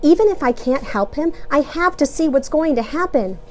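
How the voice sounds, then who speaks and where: A woman's voice: high voice, animated, normal speed, warm tone, a little hiss or hum, voice pushed up. A woman voicing a young boy beetle who pleads earnestly with his parents in a storybook reading. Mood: pleading.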